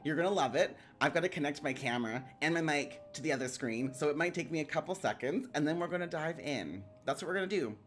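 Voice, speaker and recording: A woman hosting a live stream, excitable and bubbly, rambling casually and giggling often. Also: low voice, fast talker, hardly any pauses, soft background music. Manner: rambling, lots of "like" fillers. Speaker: streamer hosting a round table.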